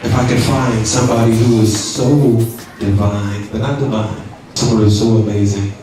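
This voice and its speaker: A man hosting a podcast, telling his wife a story in a slow, drawn-out, joking way. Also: on the low side, fairly even intonation, dark tone, faint music behind. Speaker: podcast host. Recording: very echoey from far off, crowd noise.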